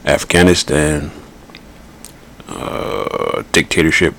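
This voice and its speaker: Very deep, gravelly male podcast host. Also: lively intonation, slow pace, a bit bright, slight background noise. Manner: blunt, rambling, repeats himself. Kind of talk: casual political commentary.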